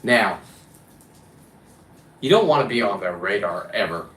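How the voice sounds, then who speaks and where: Leaving long pauses, a man with a lowish voice and lively intonation speaks at a measured pace. He's a free diver and vlogger chatting casually to camera about diving, rambling and blunt, swearing here and there, with roomy echo and faint background noise around him.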